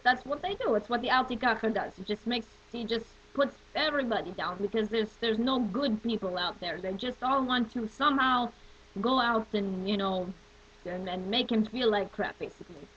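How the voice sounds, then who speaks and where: A woman talking casually to her webcam in a rambling way, with many restarts and frequent throat-clearing. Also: fairly high pitch, fairly bright tone. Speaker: video blogger. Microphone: webcam microphone. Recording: muffled webcam audio with faint hiss.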